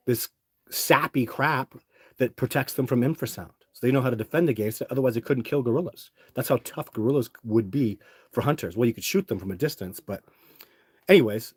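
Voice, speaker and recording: A man's voice: medium pitch, a little mellow, breathy edge, no room sound. A middle-aged man hosting a livestream, telling long rambling stories to his live chat with lots of restarts and fillers. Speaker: livestream host. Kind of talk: casual storytelling to a live chat.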